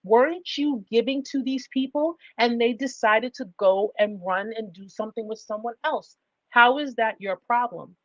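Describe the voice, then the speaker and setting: A woman's voice: fairly high pitch, moderate pace, dry recording, highs cut off. A woman hosting a livestream advice talk, speaking emphatically and driving points home with repeated rhetorical questions. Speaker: livestream host.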